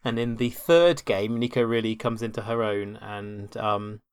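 A man's voice: on the low side, steady tone, a little slow. A man co-hosting a casual podcast, enthusiastic and rambling, often restarting his sentences. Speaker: podcast co-host.

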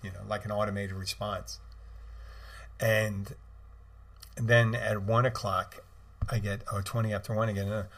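A man's voice: lowish voice, steady tone, measured pace, gravelly, a bit bright. A middle-aged man hosting a podcast, telling a story in a rambling, casual way with many restarts and asides. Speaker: podcast host.

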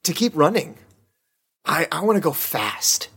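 A man voicing an eager, earnest young male novice who speaks haltingly at first. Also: a little high, very animated, a bit bright, slightly rough, voice pushed up, exaggerated voice.

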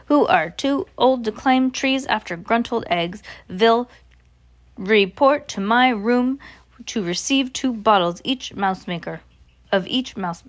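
A woman's voice: on the high side, pitched above the performer's own voice. A woman reading aloud and voicing the imperious female leader of the witches, barking orders.

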